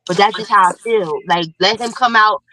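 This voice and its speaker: A woman's voice: mid-range voice, normal speed, bright, forceful tone, poor audio. A woman co-hosting a casual live-stream chat, rambling in slang and often asking "you know what I'm saying". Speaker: co-host.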